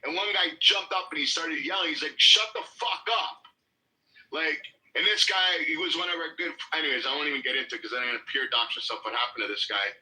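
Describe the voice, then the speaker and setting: Man, bright, edgy voice. Animated casual storyteller who swears and acts out quotes. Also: fairly high pitch, fast talker, hardly any pauses, rough recording.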